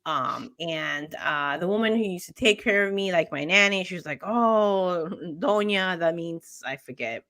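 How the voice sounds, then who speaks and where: A woman's voice: fairly low pitch, normal speed, few pauses, pushed and bright. A woman co-hosting a casual morning talk show over a video call. She tells a long personal story, laughs often and acts out the other people in it. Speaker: co-host.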